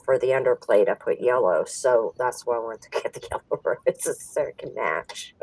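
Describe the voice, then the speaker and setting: A woman's voice: a bass voice, moderate pace, darkish tone, far from the mic, poor audio. A woman chatting casually on a video call, telling a story with frequent laughter and acting out the other people in it. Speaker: host.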